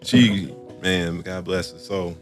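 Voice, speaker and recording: A man's voice: low voice, steady tone, slow pace, faint music behind. A young man hosting a podcast, chatting in a laid-back way and filling his talk with "like" and "you know what I'm saying". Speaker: podcast host. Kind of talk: casual chat.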